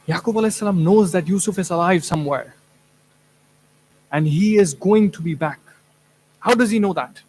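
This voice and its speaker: A man, an imam, giving an earnest Quran commentary lecture, asking rhetorical questions and reciting Arabic verses. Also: sits high. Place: mosque hall. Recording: long hall reverb.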